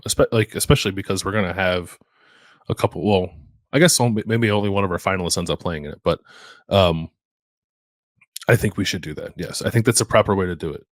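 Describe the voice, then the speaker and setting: A man's voice: lowish voice, no room sound, clean studio sound. A man co-hosting a college football podcast, agreeing and thinking aloud in casual sports talk. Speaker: podcast co-host.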